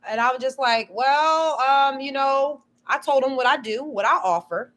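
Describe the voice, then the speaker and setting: A woman's voice: high-pitched, moderate pace, fairly bright tone. A woman chatting casually on a live stream, telling a rambling story full of "you know" and "um".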